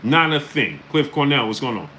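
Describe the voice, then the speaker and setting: Bright-voiced man chatting on a livestream. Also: mid-range voice, animated, moderate pace, a little hiss or hum, low-quality recording. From New York area. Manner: repeats "right?" and "uh" often, shouting out chat names. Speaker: livestream host. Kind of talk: casual live-stream commentary. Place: New York.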